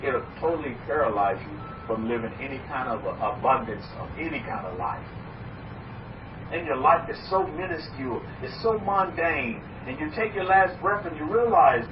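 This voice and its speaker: A man preaching as a rabbi, emphatic and repetitive, with dramatic swings in pitch. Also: expressive, normal speed. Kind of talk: preaching sermon. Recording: echoey, distant, dull lo-fi with faint hiss.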